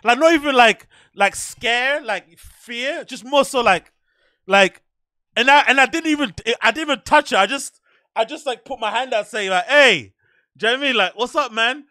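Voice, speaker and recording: A man hosting a podcast, telling stories in a casual, profane, animated way and laughing often. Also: very high-pitched, normal speed, no room sound, studio quality. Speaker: podcast host. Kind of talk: casual storytelling monologue.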